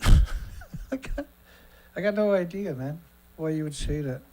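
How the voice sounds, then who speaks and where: A man's voice: fairly high pitch, measured pace, dark tone. Blunt, sarcastic middle-aged man host. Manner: rambling with frequent fillers and asides. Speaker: host of a daily news livestream. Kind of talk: casual livestream commentary.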